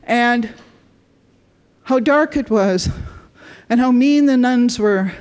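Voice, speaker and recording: A woman's voice: fairly high pitch, slow pace, a little mellow. A woman giving a conference talk, telling client stories earnestly in short phrases. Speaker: conference speaker.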